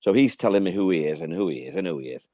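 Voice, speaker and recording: A man's voice: sits low, expressive, racing, mellow, no room sound. An older man, a former football manager, chatting as a guest and telling rambling anecdotes full of restarts. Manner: rambling storyteller, frequent restarts. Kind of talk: anecdotal interview chat.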